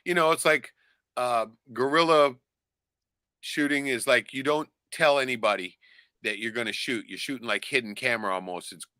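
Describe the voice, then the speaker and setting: A man's voice: mid-range voice, normal speed, pushed and bright, clean tone, no room sound. A man on a casual podcast, rambling and swearing a lot, often tagging lines with "right?". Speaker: podcast co-host. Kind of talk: casual profane chat.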